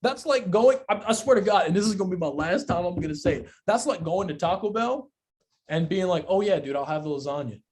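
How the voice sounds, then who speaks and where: A young man co-hosting a sports podcast in casual chat, animated and incredulous, repeating himself and swearing freely. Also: high-pitched, a little fast. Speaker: podcast co-host.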